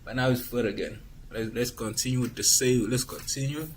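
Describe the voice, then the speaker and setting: A man thinking aloud as he plays a football management game, circling back over the same points and restarting half-finished phrases. His voice sits at an ordinary middle pitch. A faint hiss of noise runs under the recording. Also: brisk, low-quality recording. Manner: rambling, repeats himself, frequent restarts. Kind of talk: casual gameplay commentary.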